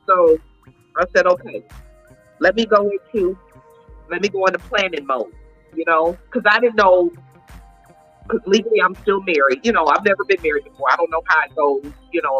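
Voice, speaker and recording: Woman in her late 40s spilling her story, bright voice, acts out the quotes, kinda dull sound w faint music. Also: medium pitch, breathy edge. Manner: animated, emphatic retelling with quoted dialogue. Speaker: interview guest. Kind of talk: candid storytelling.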